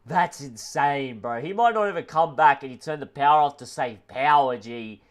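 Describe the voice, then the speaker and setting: A man streaming live reaction commentary, excitable, with laughing asides. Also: mid-range voice, moderate pace.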